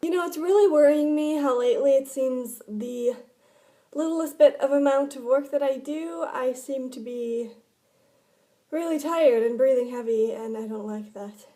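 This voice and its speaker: A woman's voice: sits high, normal speed, warm tone. A woman chatting casually in a vlog at home, rambling and filling her talk with "like.". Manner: rambling, chatty, many filler "like"s. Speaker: vlogger. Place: indoors at home, by a window.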